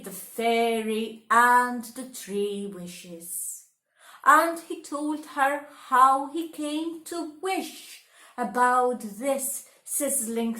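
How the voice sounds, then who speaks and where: A woman reading a children's story aloud, expressive and full of dramatic pauses. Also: high-pitched. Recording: echoey room.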